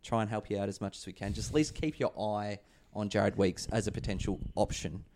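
Low-voiced man hosting casual chat. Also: fairly even intonation, a little fast, darkish tone, slight background noise. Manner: chatty, leads the discussion, jokey asides. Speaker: podcast host. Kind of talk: casual fantasy sports chat.

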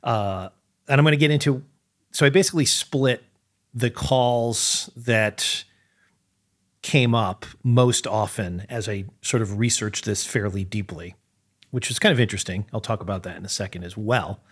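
Seorang pria pembawa podcast yang membahas film dengan gaya santai dan mengobrol, seolah berpikir sambil bicara. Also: male voice, fairly low pitch, normal speed. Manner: relaxed, conversational, thinking aloud. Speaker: podcast host. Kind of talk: casual film talk.

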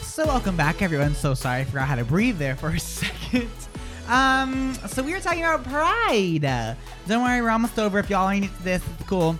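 A radio co-host rambles through casual on-air chat, breaking into giggles and jokes. The voice sits at a middling pitch, recorded in a studio. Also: very animated, brisk, music in the background.

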